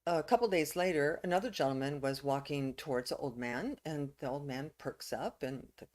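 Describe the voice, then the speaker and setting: Low-voiced woman minister preaching. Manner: reflective, pausing with fillers and restarts. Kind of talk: sermon.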